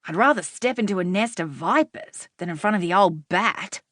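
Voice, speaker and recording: A woman's voice: fairly low pitch, animated, normal speed, a bit bright, no echo. A woman voicing a cross grown man who grumbles and resists going home, in an audiobook reading. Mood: grudging. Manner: grumbling, reluctant.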